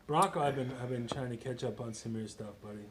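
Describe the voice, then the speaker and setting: A man talking as a guest in a casual chat, rambling and profane, trailing off quietly. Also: medium pitch, fast, noisy background.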